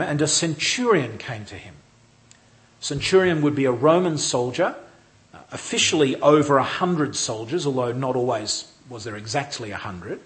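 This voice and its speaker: A man giving a measured, explanatory lecture as a Bible teacher, with occasional restarts. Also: mid-range voice. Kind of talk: lecture on a Gospel passage.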